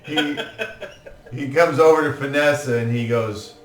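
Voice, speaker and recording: A man's voice: mid-range voice, normal speed, distant mic. A man running a tabletop game as game master, narrating playfully and laughing often. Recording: echoey room, faint music.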